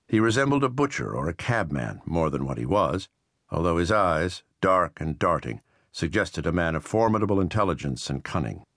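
A man narrating a historical novel for an audiobook in a measured, steady way. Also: low voice, dry recording, clean studio sound.

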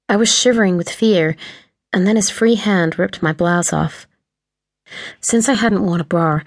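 A woman reading a first-person audiobook in a steady, tense storytelling manner into a close mic. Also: lowish voice, no room sound. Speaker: audiobook narrator.

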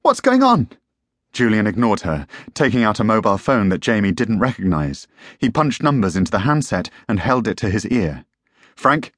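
A man's voice: on the low side, expressive, fairly quick, no echo, clean studio sound. A man narrating a tense story as an audiobook reader. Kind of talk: scripted narration.

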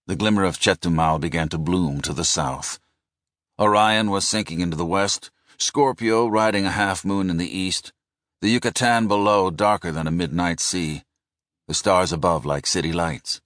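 A man narrating a thriller audiobook in a measured, descriptive manner. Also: deep voice, a bit bright, dry recording, clean studio sound. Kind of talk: scripted narration.

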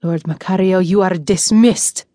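A woman voicing a guilt-ridden young male prince, speaking low, weary and stern. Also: a little slow, warm tone, no echo, studio quality, natural voice. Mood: commanding.

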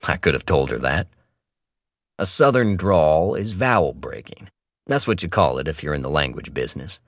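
A man narrating a nonfiction audiobook in a wry, expressive reading with playful asides, recorded close on a studio microphone. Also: a bass voice, moderate pace, no echo.

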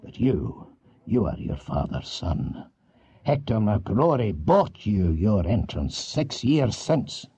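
A man voicing a domineering older Scottish earl in his fifties, with a low, gruff, commanding Scottish accent. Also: sing-song, slow pace, dark tone, heavily acted.

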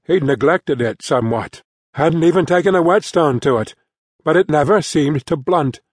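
A man reading fantasy fiction as an audiobook narrator in even, measured storytelling on a close studio mic. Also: fairly high pitch, slightly rough, dry recording. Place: dry studio booth.

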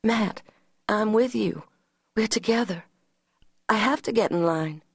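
A woman voicing a spirited young woman who murmurs and questions softly. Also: mid-range voice, unhurried, gravelly, husky, no echo, clean studio sound, pitched above the performer's own voice. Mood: puzzled.

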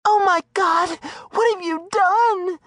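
Male narrator putting on a panicked, pleading woman, pitched way up; desperate, bossy. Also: slow pace, fairly bright tone, dry recording, heavily acted. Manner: frantic, pleading.

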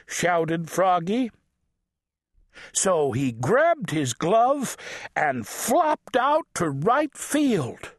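A man narrating a children's picture book audiobook in an animated, playful read-aloud manner. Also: high voice, extremely slow, no room sound, clean studio sound.

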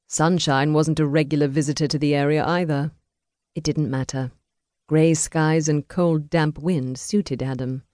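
A woman narrating a historical romance audiobook in a measured, even storytelling voice. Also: deep voice, no echo, studio quality.

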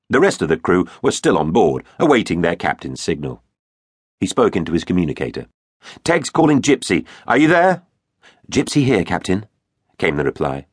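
A man's voice: deep voice, slightly rough, no echo. A man narrating a children's audiobook in a playful, theatrical way. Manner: theatrical, playful storytelling with big swings. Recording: dry studio booth.

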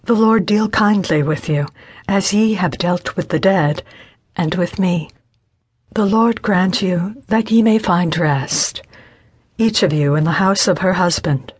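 A woman's voice: fairly low pitch, measured pace, husky. A woman voicing a grieving older widowed woman in an audiobook reading, pleading and sorrowful. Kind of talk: scripted audiobook narration.

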